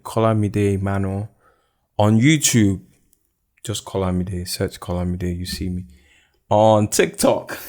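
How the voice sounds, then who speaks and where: A man's voice: lowish voice, a little mellow. A man, hosting a solo podcast in a candid, rambling way. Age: 20s. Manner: candid, rambling, thinking aloud. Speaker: podcast host. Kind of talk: casual solo podcast chat.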